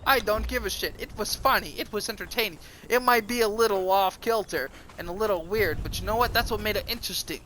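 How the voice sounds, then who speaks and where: A man's voice: high voice, fast talker, hardly any pauses, sharp tone, a little hiss or hum. A man streaming live, ranting in a profane, defiant and self-mocking way. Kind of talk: rambling livestream monologue.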